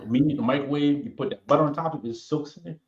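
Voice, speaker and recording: A man's voice: a little high, racing, dull audio. A man hosting a podcast, chatting casually and reading viewer comments aloud with a playful, joking manner. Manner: animated and playful, breaks into song and jokes. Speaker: podcast host reading live chat. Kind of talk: casual chat.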